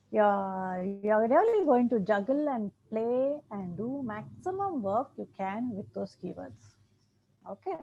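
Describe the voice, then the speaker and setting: Indian English woman trainer, gravelly mellow delivery, dull lecture recording. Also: fairly high pitch. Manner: emphatic, repeats points, laughs often. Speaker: special education trainer. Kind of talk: lecture to teachers and parents.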